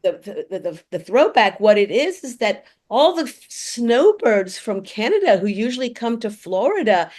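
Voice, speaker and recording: A woman's voice: a little high, very animated, moderate pace, hardly any pauses, a little mellow. A woman co-hosting a casual political chat, blunt and a little profane, who often restarts her sentences. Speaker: co-host.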